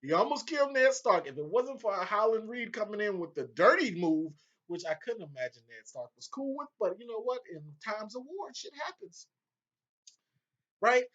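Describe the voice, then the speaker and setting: A man recapping a TV episode in a casual, excitable way, swearing often and breaking into laughter. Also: high voice, normal speed. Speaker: video reviewer. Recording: dull lo-fi home audio.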